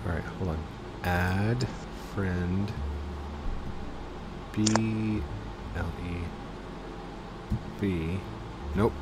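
Man, young adult, casual gameplay host, chatty, low-pitched, noisy background hiss. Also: drawn-out words, long pauses. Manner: chatty, gets loud and excited during play. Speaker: host gaming with friends. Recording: noisy home voice-chat recording.

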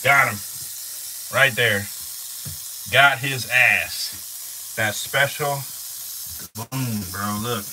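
A man casually commenting while filming, excitable and slangy, swearing often and talking both to his animals and to viewers. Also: mid-range voice, very slow, long pauses, a little hiss or hum, poor audio. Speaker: reptile keeper vlogger.

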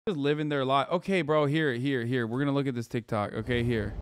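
A man streaming casual reaction commentary, animated and swearing a lot. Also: mid-range voice, brisk, smooth, no echo, clean studio sound.

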